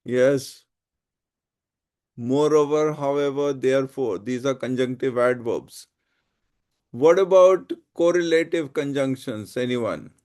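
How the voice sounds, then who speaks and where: A man's voice: medium pitch, warm tone, clear, resonant tone. A male teacher running a classroom lesson, asking his students questions. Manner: questions the class, slow and deliberate.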